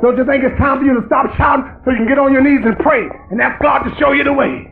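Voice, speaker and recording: A man preaching a fiery sermon in a very high, gravelly voice that rises into shouting. The recording is tinny and lo-fi, with a faint hiss underneath. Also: fairly even intonation, quick pace.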